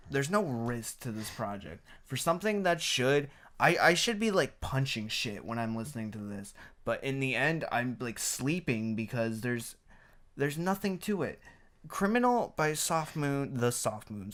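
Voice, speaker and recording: A man's voice: mid-range voice, a bit bright. Man, podcast co-host, casual album review, blunt, profane, heated.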